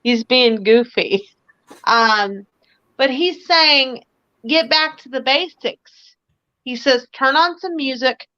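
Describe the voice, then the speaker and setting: A high, bright woman's voice chatting through a psychic reading on a live stream, full of "like" and quick asides. The sound is dry and a bit dull, like lo-fi stream audio. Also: no room sound. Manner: relays spirit messages in a chatty way with many "like" fillers. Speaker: psychic medium and host.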